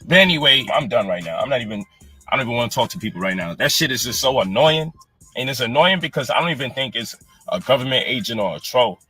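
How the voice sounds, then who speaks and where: A man's voice: medium pitch, animated, fast talker, sharp tone, slightly rough, no echo, faint music behind. A man in a heated, profane live-stream rant, angry and exasperated. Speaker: online personality defending his program.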